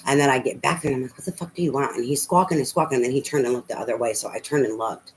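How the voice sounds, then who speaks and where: A woman's voice: rumbling low, very fast, a little hiss or hum, low-quality recording. A middle-aged woman telling a rambling personal story as a tarot reader, full of fillers and casual swearing.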